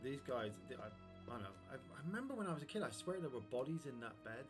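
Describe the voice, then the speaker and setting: A man's voice: medium pitch, very animated, quick pace, faint music behind. A man streaming a video game live, chatting casually and thinking aloud about his next move. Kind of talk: casual live gameplay commentary.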